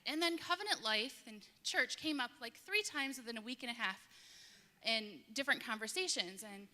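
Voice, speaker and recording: A woman who directs a church's middle school ministry, telling a lively personal story to the congregation with a Midwestern American accent and acting out the dialogue. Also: a little high. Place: large church sanctuary. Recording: echoey hall, long reverb.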